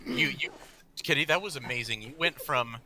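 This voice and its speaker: A man's voice: medium pitch, expressive, moderate pace. Man, podcast co-host, crude, teasing, cheering, crowd noise behind. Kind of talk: casual chat.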